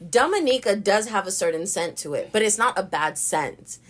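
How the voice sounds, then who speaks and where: A young woman hosting a podcast, telling stories in a lively, casual way, laughing and swearing as she goes. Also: medium pitch, normal speed, background noise. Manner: animated storytelling, swearing, laughing often. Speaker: podcast host.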